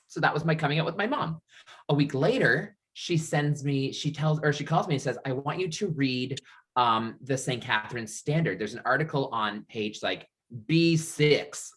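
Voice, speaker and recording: Animated man telling a personal story. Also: mid-range voice. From Niagara region, Canada. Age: 30s. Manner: animated storyteller, acts out quoted voices, laughs often. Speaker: guest. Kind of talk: coming-out story told in interview.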